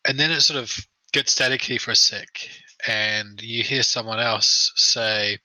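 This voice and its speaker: A man narrating a tabletop game as game master, relaxed, with many ums and uhs. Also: mid-range voice, a little slow, few pauses, no echo, poor audio.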